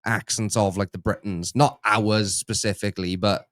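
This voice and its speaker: A man's voice: lowish voice, fairly even intonation, moderate pace, fairly bright tone, dry recording, studio quality. A young man with a Welsh accent tinged with Bristol, chatting as co-host and thinking aloud with lots of likes and ums. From Wales. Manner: thoughtful, full of likes and ums. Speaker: co-host, son of the host. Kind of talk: casual chat.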